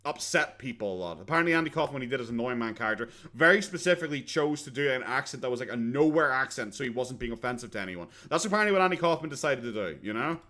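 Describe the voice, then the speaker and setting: A man's voice: mid-range voice, expressive, rapid-fire, few pauses, pushed and bright. An Irish man hosting a live watchalong from home late at night, chatting casually in a sarcastic tone, swearing freely and often stammering and restarting. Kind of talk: casual live-stream commentary.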